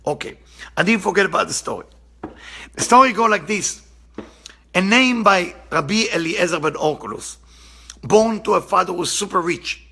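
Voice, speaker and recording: Gravelly, husky man teaching Kabbalah. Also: high-pitched, lively intonation, moderate pace, pauses often, sharp tone. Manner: earnest, impassioned, repeats for emphasis. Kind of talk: spiritual lesson with storytelling.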